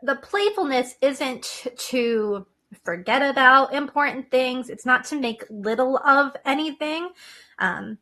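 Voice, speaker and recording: A woman's voice: sits high, animated, slow, sharp tone. A woman guest in a casual podcast conversation over a video call, playful and laughing often as she talks.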